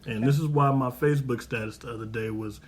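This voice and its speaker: A man's voice: medium pitch, fairly even intonation, fast talker, slight background noise. A man, hosting a podcast, who tells a story in casual, profane slang with many "right?" asides. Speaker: podcast host telling a story.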